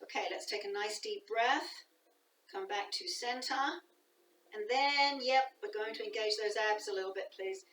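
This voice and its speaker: A woman teaching a guided yoga class, calm and soft-spoken, often dropping to a near whisper. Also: mid-range voice, moderate pace, slight background noise. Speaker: yoga instructor. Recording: echoey room, voice from a distance.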